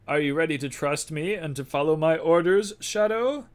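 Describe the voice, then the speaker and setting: A formal, commanding old spymaster, read aloud by a man streaming a game. The voice sits a little high and is delivered slowly and deliberately, like orders given to a recruit. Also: smooth, lightly acted. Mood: formal briefing. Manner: reading game dialogue aloud in a formal, slow, slightly raised voice. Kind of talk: reading game dialogue during a livestream.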